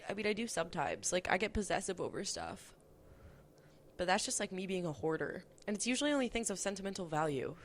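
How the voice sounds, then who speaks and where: A woman's voice: mid-range voice, expressive, fast, slight background noise. A young woman hosting a podcast, telling stories in a chatty, casual way, swearing freely and saying "like" a lot. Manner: chatty, profane, lots of "like". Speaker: podcast host. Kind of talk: casual storytelling monologue.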